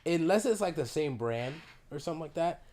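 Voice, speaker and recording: Animated man telling a story, sore throat. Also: fairly high pitch, a little fast. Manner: animated storyteller, swears freely, laughs through the telling. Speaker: podcast host. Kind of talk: casual chat.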